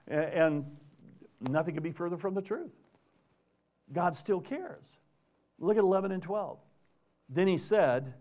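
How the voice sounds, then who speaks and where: Male preacher, conversational sermon, swings from loud readings to soft asides, slightly high pitch. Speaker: pastor.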